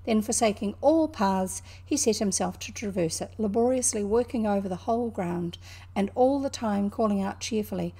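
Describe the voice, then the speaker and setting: A woman with a New Zealand accent reading a children's novel aloud, pausing to explain words to young listeners. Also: mid-range voice, warm tone, husky. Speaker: storybook reader.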